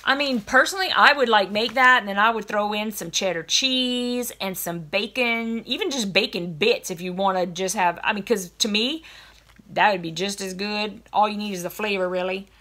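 A young woman chatting in a gushing, excited way while unboxing snacks for her viewers. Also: mid-range voice, normal speed. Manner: gushing and chatty, lots of oh my goodness. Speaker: vlogger unboxing a snack box. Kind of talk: casual chat.

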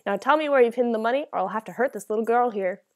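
A woman's voice: a little high, rapid-fire, close to an everyday voice. A woman voicing a menacing tall male thief in a storybook reading, talking in a bullying, threatening way. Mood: mocking.

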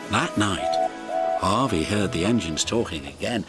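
A man with a deep, unhurried voice narrates a children's story from a script. His storybook telling is warm, lively and expressive, with music playing in the background.

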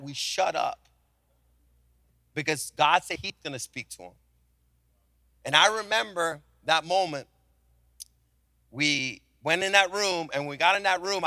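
A man preaching a sermon as senior pastor, telling a story with animated delivery and acted-out voices. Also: fairly high pitch, no echo, studio quality.

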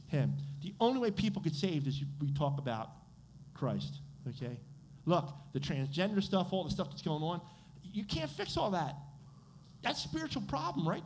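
Animated American pastor preaching. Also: male voice, high voice, a little hiss or hum. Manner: animated, asks the congregation questions and answers them. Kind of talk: sermon. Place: church sanctuary.

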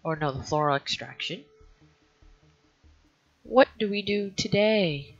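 A woman's voice: mid-range voice, animated, slow, breathy edge. A woman hosting a let's play, thinking aloud in a hesitant way and often trailing off mid-sentence. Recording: dull lo-fi recording.

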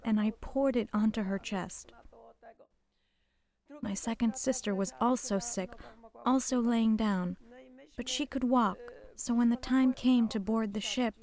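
An older woman whose first language is Polish, giving a halting, emotional personal testimony as a survivor. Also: on the high side, dark tone. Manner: emotional, halting storytelling, repeating words.

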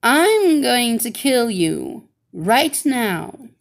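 A vengeful wicked witch from a storybook, as a woman puts her on, speaking in slow, drawn-out threats. Her demands swing widely in pitch and come across as menacing. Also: expressive.

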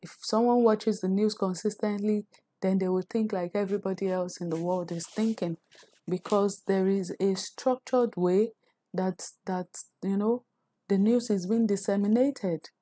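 Nigerian woman career coach, mellow tone, earnest preachy teaching delivery. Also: medium pitch, steady tone, unhurried. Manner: earnest, preachy, repeats words and restarts. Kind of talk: faith-based career teaching.

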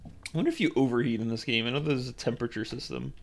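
A man's voice: medium pitch, rapid-fire. A man streaming a survival game, rambling casually, swearing and restarting his sentences. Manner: rambling, profane, self-interrupting. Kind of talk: casual gaming commentary.

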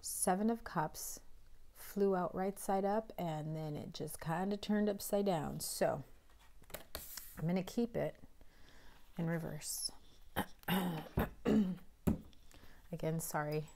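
A woman with a hoarse, low-pitched voice gives a chatty tarot reading to camera and often sinks into a breathy half-whisper. She keeps clearing her throat while she talks. A faint hiss sits under the recording. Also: slow pace, pauses often, mellow. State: hoarse, recovering from illness. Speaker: tarot reader.

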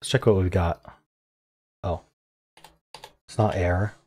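A man solving a crossword out loud, muttering clues and thinking aloud in an unsure, self-questioning way. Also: deep voice, steady tone, slow. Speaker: puzzle-solving video creator.

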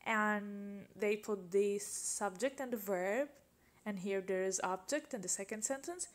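A woman's voice: mid-range voice, a little slow. A woman teaching an English grammar lesson, patiently asking questions and repeating example sentences.

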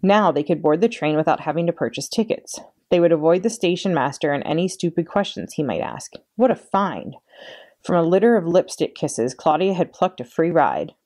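A woman librarian reading a children's chapter book aloud in an expressive storytelling way. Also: sits low, normal speed. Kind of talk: read-aloud storytime narration.

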